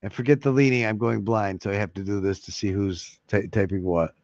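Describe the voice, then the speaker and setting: A man's voice: fairly low pitch, fairly even intonation, brisk, darkish tone, dry recording. Rambling man on a dry, dull mic. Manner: rambling, laughing and swearing freely. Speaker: streamer hosting a live hangout. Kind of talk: casual live-stream chat. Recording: dry, slightly dull lo-fi sound.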